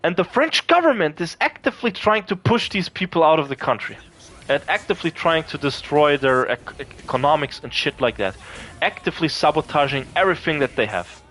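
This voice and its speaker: A man's voice: fairly high pitch, animated, brisk, a bit bright. Cussing young man ranting. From Germany. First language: German. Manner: profane, heated, rambling. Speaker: gaming video creator. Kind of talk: casual rant over gameplay.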